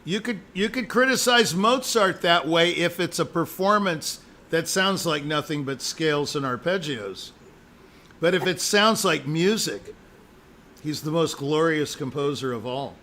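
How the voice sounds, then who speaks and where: A man's voice: on the high side, animated, unhurried, sharp tone. A man giving a musician live spoken feedback as an audition judge, emphatic and jokey, repeating his points.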